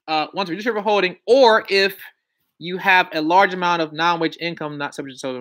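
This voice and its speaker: A credit and tax educator talks about taxes and credit on a casual live stream. His voice is fairly high and bright, and he speaks fast. His manner is loose, conversational, slangy and self-assured.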